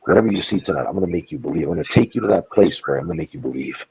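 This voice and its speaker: Gravelly deep-voiced blunt man. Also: animated, rapid-fire, slight background noise, poor audio. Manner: blunt, profane, emphatic, with repeated restarts. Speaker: wrestling promoter and guest. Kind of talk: candid interview storytelling.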